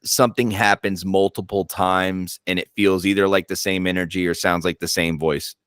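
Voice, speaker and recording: A man hosting a paranormal channel, chatting casually and telling animated stories, swearing and acting out his own reactions. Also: low voice, moderate pace, smooth, no room sound, clean studio sound. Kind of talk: casual chat.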